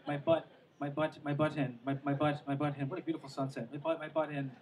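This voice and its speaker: A man with a high voice performs a stand-up set at an outdoor show by the water. He rambles and pokes fun at himself, trailing off into asides. The recording picks him up from a distance, with a faint wash of noise behind him. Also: level tone, fast talker. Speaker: stand-up comedian.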